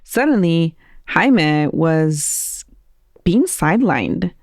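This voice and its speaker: Animated woman telling spooky stories. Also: low-pitched, extremely slow, dry recording, clean studio sound. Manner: animated, laughing, acts out quoted voices. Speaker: podcast host, storyteller. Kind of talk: casual storytelling chat.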